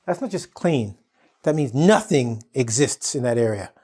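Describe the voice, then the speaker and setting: A man's voice: mid-range voice, lively intonation, normal speed, a little mellow, husky. A man from Canada teaching an online English lesson, playful and acting out exaggerated quotes.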